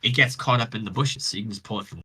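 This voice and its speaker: A man voicing a gentle, helpful river reed who gives friendly, laid-back advice. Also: fairly low pitch, racing, breathy edge, recorded from a distance, exaggerated voice.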